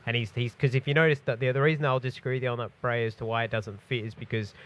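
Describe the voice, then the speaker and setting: A man co-hosting a podcast in casual chat, animated and joking as he talks. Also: medium pitch, very fast. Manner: animated, joking, acts out quoted voices. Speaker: podcast co-host.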